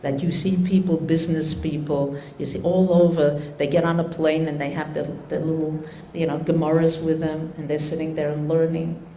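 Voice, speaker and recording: A woman's voice: sits low, level tone, normal speed, few pauses, mellow, a little hiss or hum. An older woman giving a religious talk to an audience, telling a story unhurriedly with many fillers and restarts. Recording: echoey room.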